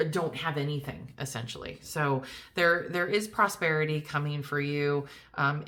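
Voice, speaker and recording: A woman's voice: sits low, a bit bright. A woman giving a casual tarot card reading, chatty and reassuring, talking straight to the viewer with many fillers and restarts. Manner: reassuring, speaks directly to viewer. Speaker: tarot reader.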